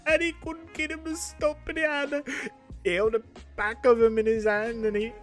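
A crude young Australian carpenter in a put-on accent, shouting profanities and whining melodramatically, as a man plays him. The voice sits well above a normal male speaking pitch. Faint music plays underneath. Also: a little slow. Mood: sobbing, melodramatic. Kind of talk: gameplay role-play.

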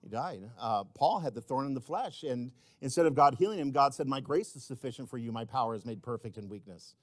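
A man preaching a sermon as pastor, swinging between loud emphatic repetition and quiet, intimate asides. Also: medium pitch, lively intonation, fairly quick, dry recording, clean studio sound. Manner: repeats key words for emphasis.

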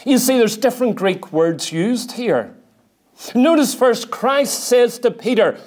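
A man's voice: high-pitched, animated, a little slow, darkish tone. A man preaching a sermon in church, earnest and emphatic, repeating his key points and reading scripture aloud. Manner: reads scripture aloud in King James wording.

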